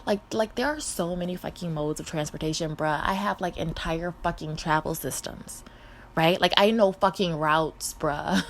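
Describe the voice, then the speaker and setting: A woman's voice: lowish voice, moderate pace. A stoned woman in a rambling, profane, casual storytime, often interrupting herself and laughing. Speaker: vlogger.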